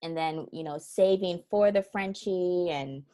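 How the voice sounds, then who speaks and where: A woman with a fairly low voice tells a personal story as an interview guest. She laughs easily and acts out the voices of people in her story. Her delivery is casual and animated. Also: unhurried. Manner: laughs often while talking. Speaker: guest, transformation strategist.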